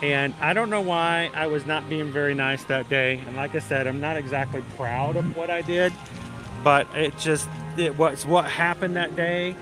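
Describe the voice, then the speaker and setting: A man's voice: fairly high pitch, steady tone, normal speed. A middle-aged man telling a story casually on a theme park livestream, chatty and self-deprecating, laughing often. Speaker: livestream vlogger. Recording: music playing loudly behind.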